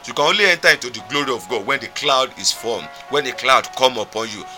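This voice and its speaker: Nigerian male pastor, emphatic repetitive sermon delivery, sharp bright tone. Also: medium pitch, quick pace, soft background music. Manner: fervent, emphatic, repetitive preaching. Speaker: preacher.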